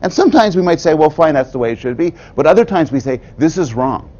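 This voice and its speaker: A man giving a prepared talk to an audience, animated and thoughtful, with wry asides. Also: a little high, fast, muffled recording. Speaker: public lecturer.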